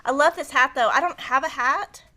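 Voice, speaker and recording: A middle-aged woman with a high, bright voice hosts a casual quilting livestream. She chats in an excitable, rambling way, full of little fillers, as she moves into a tutorial. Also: normal speed. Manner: chatty and excitable, with many "um" and "like" fillers. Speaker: host of a quilt shop livestream. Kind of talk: casual live-stream chat and quilting tutorial.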